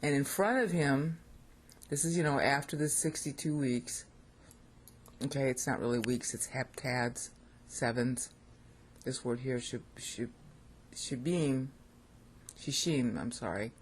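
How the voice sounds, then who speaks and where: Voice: mid-range voice, unhurried, pauses often, slightly rough. An American Bible teacher giving an informal lecture on scripture, thinking aloud and checking in with listeners.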